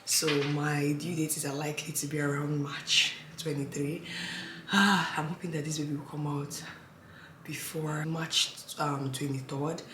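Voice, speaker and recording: Young woman, low voice, pregnant vlogger, chatty, echoey room, background noise. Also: unhurried. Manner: chatty, animated, drops to tired near-whispers. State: heavily pregnant. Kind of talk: casual chat to camera.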